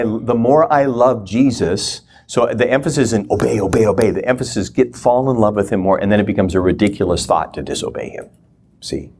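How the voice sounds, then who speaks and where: A man's voice: lowish voice, darkish tone, a little hiss or hum. A man giving a conversational teaching talk, often acting out short prayers and inner thoughts. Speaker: guest teacher.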